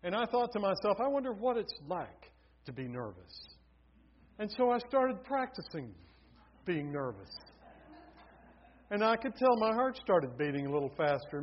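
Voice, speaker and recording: A man preaching a sermon, telling stories with building emphasis. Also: sits high. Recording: dull lo-fi recording.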